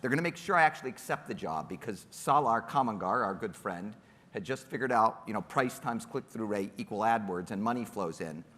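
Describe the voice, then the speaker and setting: A man telling an animated, self-mocking story on a panel and acting out the quotes. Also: lowish voice, big-room sound.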